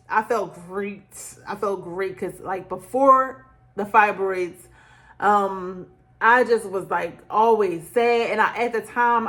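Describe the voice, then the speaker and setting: A middle-aged woman telling her own story to camera in a chatty, animated way, full of fillers and acted-out quotes. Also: mid-range voice. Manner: chatty and animated, acts out quoted lines with laughter; conversational, frequent fillers like "like" and "child". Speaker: beauty vlogger.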